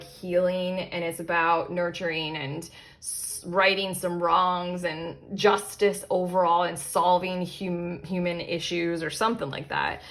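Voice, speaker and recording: A woman giving a casual pick-a-card tarot reading to her viewers, rambling with fillers and stopping to correct herself. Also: lowish voice. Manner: rambling, self-interrupting, frequent fillers and asides. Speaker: tarot reader.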